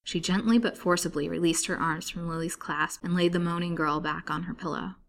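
A woman reads a novel aloud as a storyteller, at a steady, measured pace. Her voice sits fairly low. Faint background noise runs behind her. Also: gravelly.

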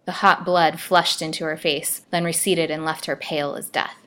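A woman storyteller narrating a classic novel in a measured, expressive reading. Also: sits low.

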